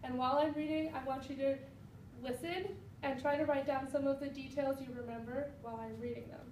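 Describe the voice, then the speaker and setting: Young woman teacher, high and echoey. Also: fairly even intonation, fairly quick, darkish tone. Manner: patient instructions with fillers. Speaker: student teacher. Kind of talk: reading aloud to a class. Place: classroom. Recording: roomy, distant, faint room noise.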